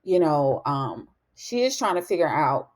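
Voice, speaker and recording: A woman recapping a TV episode in a casual, sassy, chatty way, with asides to the viewer and quick impressions of the characters. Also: low-pitched, very animated. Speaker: TV recap host.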